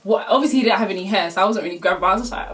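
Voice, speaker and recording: A woman's voice: medium pitch, very fast, fairly bright tone. A young woman telling a casual storytime, full of slang and swearing, with laughs through the telling. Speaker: vlogger.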